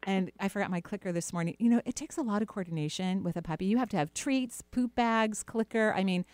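A middle-aged woman hosting a call-in show, gently reassuring a caller with playful asides. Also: medium pitch, quick pace, no room sound, clean studio sound. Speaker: radio show host, intuitive healer. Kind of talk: casual advice talk to a caller.

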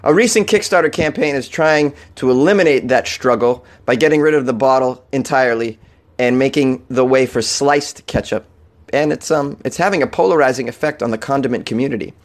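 A man's voice: medium pitch, moderate pace. A young man from New England hosting a casual comedic news talk show, irreverent and swearing, laughing at his own jokes. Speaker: radio show host.

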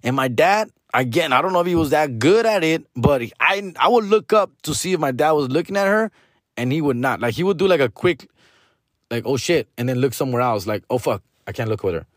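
A man's voice: on the high side, expressive, a little fast, no room sound, studio quality. Profane Chicano man spinning a rambling story. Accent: Chicano English from Los Angeles. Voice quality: slangy, profane, mixes in Spanish. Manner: rambling, trails off and restarts, says "fool" and "dog" often. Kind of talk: casual storytelling monologue.

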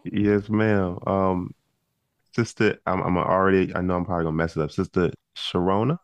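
A man's voice: sits low, fairly even intonation, moderate pace, no echo. A man hosting a group call, moderating in an easygoing way as he calls on speakers by name, heard through dull, muffled call audio.

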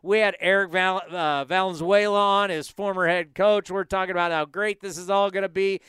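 Excitable bright-voiced man in his fifties. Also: sits high, a little fast, smooth, no echo, clean studio sound. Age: 50s. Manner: excitable, storytelling, self-mocking. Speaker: sports radio host. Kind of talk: casual sports talk.

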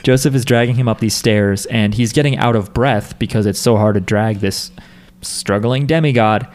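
A man's voice: lowish voice, normal speed, a little mellow. A man casually recapping an episode on a podcast, rambling with lots of filler words. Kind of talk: casual chat.

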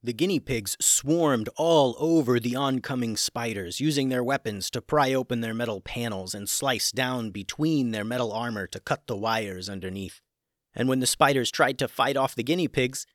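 A man narrating a children's adventure story, shifting expressively between hushed suspense and excitement. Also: mid-range voice, no room sound, clean studio sound.

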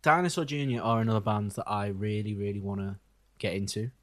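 A young man co-hosting a podcast, giving wry, deadpan song reviews. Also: on the low side, a little fast. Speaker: podcast co-host. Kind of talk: casual music review chat.

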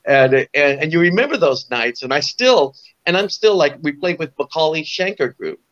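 A man's voice: fairly high pitch, lively intonation, moderate pace, fairly bright tone, dull audio. A man in his sixties from Southern California, a guest musician telling stories in a rambling way, full of "you know" and restarts. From Orange County, California. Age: 60s. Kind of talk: casual storytelling interview.

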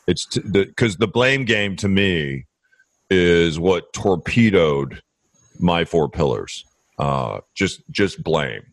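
A man's voice: deep voice, expressive, slow, no echo. A middle-aged man hosting a casual interview, talking reflectively and often repeating words as he thinks. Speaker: podcast host.

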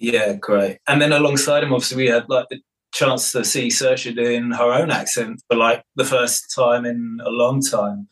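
A film director in casual interview chat, relaxed, with many fillers and restarts. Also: male voice, medium pitch, normal speed, poor audio.

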